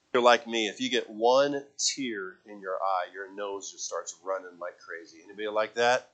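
A man preaching as a youth pastor, earnest and halting, often restarting and repeating words before building to emphatic appeals. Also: on the low side, a bit bright. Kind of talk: sermon.

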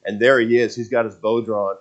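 A man in his forties tells a personal story in a casual, rambling way, with many restarts and fillers. His voice sits low. The recording is muffled and lo-fi. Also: flat delivery, brisk. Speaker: speaker telling a personal story. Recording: dull lo-fi sound.

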